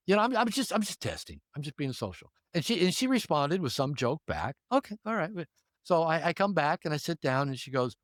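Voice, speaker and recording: An older man who works as a relationship therapist gives casual advice in an interview, animatedly acting out short exchanges in changing voices. He speaks fairly quickly at a fairly high pitch, recorded in clean studio sound without echo.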